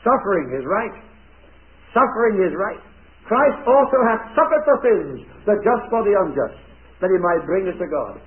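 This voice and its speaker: Emphatic preacher on a tinny old recording. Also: male voice, sits high, very animated, normal speed. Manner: emphatic, dramatic, quizzes the children. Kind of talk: children's object-lesson sermon.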